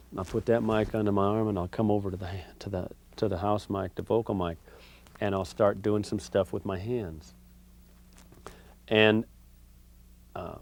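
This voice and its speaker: A man giving a relaxed, conversational harmonica lesson, explaining technique step by step with frequent fillers. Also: fairly low pitch. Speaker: harmonica teacher. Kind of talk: instructional video lesson.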